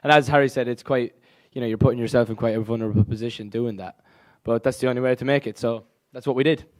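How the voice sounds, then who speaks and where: A young man talks fast and cracks jokes between answers. His voice sits at an ordinary pitch. He sounds at ease in a press interview. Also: fairly even intonation, darkish tone. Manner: joking, brisk.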